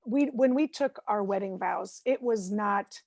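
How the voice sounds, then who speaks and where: A woman's voice: medium pitch, measured pace, vocal fry, a little mellow, no room sound. A woman comedian doing a chatty, self-deprecating stand-up set from home over a video call.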